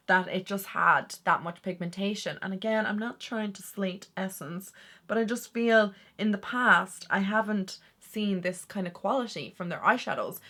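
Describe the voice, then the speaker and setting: A bright, crisp-toned young woman chats through a makeup review. She talks casually and eagerly, with quick asides tumbling out as she goes. Her voice sits at an ordinary middle pitch. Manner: chatty, enthusiastic, quick asides. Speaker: beauty vlogger.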